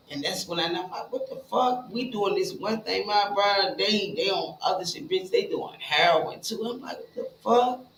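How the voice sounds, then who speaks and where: A woman telling her own story in a casual, blunt and profane way, talking straight to her listeners and jumping between hushed asides and loud bursts. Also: medium pitch, slight background noise. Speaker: speaker sharing a recovery story. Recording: roomy echo with faint ambience.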